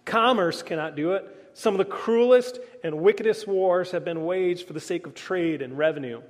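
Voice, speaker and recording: Male pastor, higher voice, earnest sermon delivery, reverberant sanctuary sound. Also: moderate pace. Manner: earnest preaching that swells then drops to a hush.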